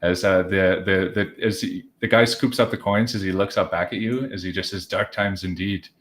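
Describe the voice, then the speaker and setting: A man's voice: low voice, steady tone, a little fast. A man narrating as game master, rambling with many fillers. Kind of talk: improvised tabletop narration.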